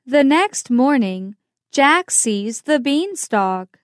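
Very slow, higher-voiced storybook narrator woman. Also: big pitch swings, dry recording, studio quality. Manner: clear, simple and deliberate.

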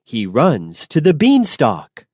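A woman narrating a simple storybook in a clear, deliberate way for learners. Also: rumbling low, wildly swooping pitch, a little mellow, no echo, clean studio sound.

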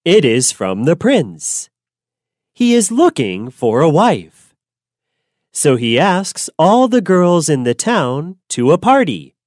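A woman narrating a simple storybook in a clear, deliberate way. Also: deep voice, sing-song, darkish tone, no echo, clean studio sound. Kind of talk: slow storybook reading for learners.

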